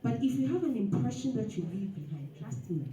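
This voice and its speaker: A woman giving an animated, preachy motivational talk at a dinner event. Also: a little high, brisk, lo-fi sound. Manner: animated and preachy, with laughs and acted asides. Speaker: guest speaker. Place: event hall. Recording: echoey hall, speaker far from the mic.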